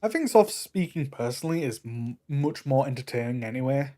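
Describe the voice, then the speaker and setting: Guest, young man, Northern English accent, mid pitch, blunt, easygoing. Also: animated, fairly quick, dark tone. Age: young adult. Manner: laid-back, blunt, swears casually. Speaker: guest in chat. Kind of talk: casual chat.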